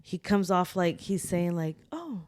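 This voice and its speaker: A woman's voice: fairly low pitch, expressive, measured pace, a little hiss or hum. A woman co-hosting a podcast, telling stories expressively and teasing her husband in casual chat. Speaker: podcast co-host.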